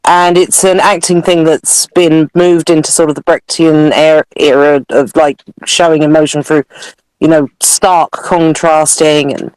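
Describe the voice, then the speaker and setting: A podcast co-host chatting casually about a film, musing aloud and tossing in asides. The voice sits at a middle pitch. The recording is dry and close. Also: flat delivery, unhurried, a little mellow, smooth, no room sound, low-quality recording. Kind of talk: casual film review chat.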